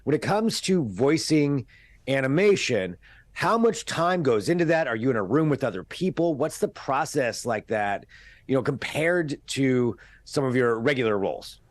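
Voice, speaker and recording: A man's voice: medium pitch, animated, normal speed, dry recording. A man, a local TV reporter, introducing and conducting an interview in a friendly, chatty way.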